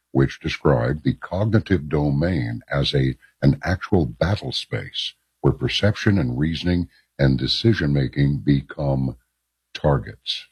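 A man's voice: very deep voice, a little mellow, breathy edge. A man hosting a late-night talk radio show, asking long rambling questions with folksy asides.

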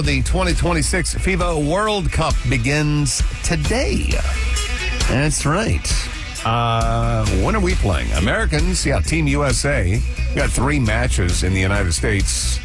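A man hosting a morning radio show, chatting in a lively, joking way. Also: medium pitch.

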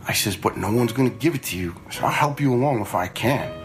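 Blunt, low-voiced retired firefighter. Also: male voice, quick pace, rough recording. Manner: blunt and conversational, with swearing. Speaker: retired fire lieutenant, now a stagehand. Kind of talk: casual storytelling.

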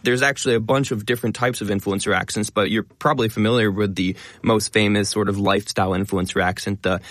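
A man talking as a guest in a casual interview, explaining in a quick, eager way. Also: on the low side, fairly even intonation, a bit bright, no echo, clean studio sound. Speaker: guest, linguist and educational video creator.

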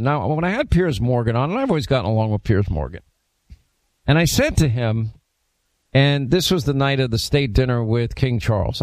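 A man hosting a talk radio show, telling stories and acting out quotes in an animated way. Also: mid-range voice, no room sound. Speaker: radio host. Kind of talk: casual talk show banter.

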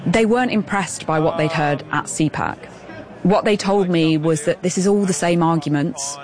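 A woman reporter speaking in a measured, reflective way, mixing narration with interview questions. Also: sits low, a little mellow. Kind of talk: radio news report with field interviews.

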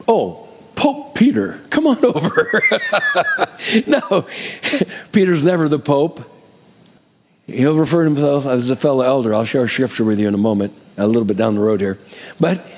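A middle-aged man preaches with a lively, swooping delivery, pitched slightly high for a man. He leans on call-and-response amens and light jokes. His voice rings out with a long reverb in a large church. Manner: jokes and acts out quoted voices. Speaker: pastor. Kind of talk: sermon.

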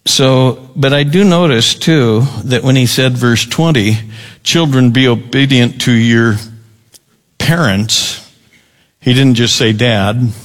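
A man preaching a sermon as pastor, deliberate and emphatic, often repeating key words. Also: medium pitch.

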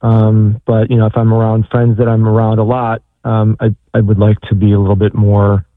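A man's voice: fairly low pitch, completely flat delivery, normal speed, no echo. A man calling in with a question, speaking hesitantly and searching for words. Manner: hesitant, many fillers and restarts. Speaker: caller. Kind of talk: call-in question. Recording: tinny phone line.

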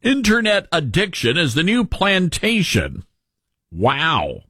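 A man's voice: on the high side, big pitch swings, measured pace, fairly bright tone, husky, no room sound. A man hosting a radio talk show, delivering commentary with sarcastic, mocking asides from a studio.

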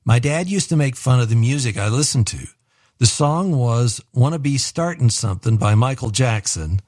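A man's voice: mid-range voice, animated, moderate pace, a little mellow, no room sound, studio quality. A man hosting a call-in radio show, reading listener messages and encouraging callers in a reflective way. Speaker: radio host. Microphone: studio microphone.

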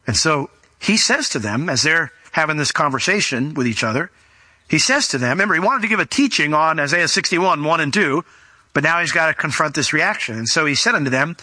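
Male pastor, sermon delivery, bright and forceful tone, slightly raised pitch, dry sound. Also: lively intonation, moderate pace, dry recording. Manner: conversational, acts out quotes, emphatic.

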